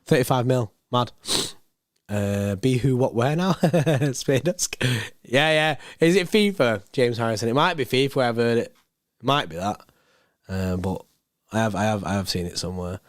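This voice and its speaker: A young man whose hoarse voice is wearing out hosts a casual football live stream, reading chat and rambling unhurriedly with plenty of repetition. His voice sits in the mid range, recorded close to the mic with no echo.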